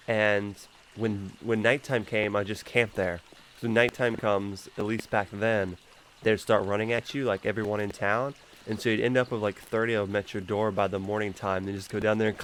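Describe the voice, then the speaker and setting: A man's voice: lowish voice, fairly bright tone, a little hiss or hum. A man giving casual, rambling gameplay commentary as a gaming YouTuber. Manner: rambling, loose, laughs easily.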